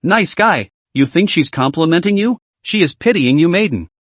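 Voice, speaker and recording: A man voicing a calm, wry young male beast master in a comic recap, with a dry, mocking manner. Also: on the high side, moderate pace, dry recording.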